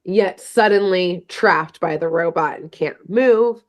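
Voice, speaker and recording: A woman's voice: fairly low pitch, takes it slowly. Rambling woman recapping a cartoon. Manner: rambling, full of "like" and fillers; laughs at her own jokes. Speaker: podcast co-host recapping a cartoon episode. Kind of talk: casual chat.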